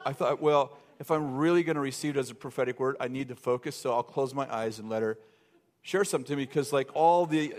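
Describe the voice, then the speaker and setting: A man's voice: medium pitch, quick pace, darkish tone. A middle-aged man preaching in a church, telling a funny story in a rambling, self-interrupting way with lots of fillers. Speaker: pastor. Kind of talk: sermon storytelling. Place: church sanctuary.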